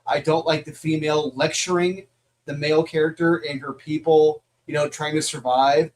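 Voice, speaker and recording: A man's voice: a little high, flat delivery, moderate pace, a little mellow. Blunt, profane man ranting about comics. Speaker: comics podcast co-host. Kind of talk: casual chat.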